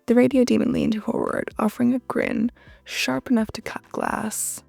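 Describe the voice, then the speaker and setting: A woman's voice: fairly high pitch, huge pitch swings, moderate pace, gravelly, darkish tone, dry recording, faint music behind. A woman narrating a fan fiction audio story and acting out each of the characters. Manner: reads narration and acts out every character.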